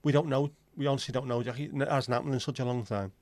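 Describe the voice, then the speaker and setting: Guy rambling on a livestream, jokey and sweary, regular pitch, dry close sound. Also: steady tone, fast talker, a little mellow, no room sound. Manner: rambling, jokey and sweary, slips into silly voices. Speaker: livestream host. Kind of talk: casual livestream chat.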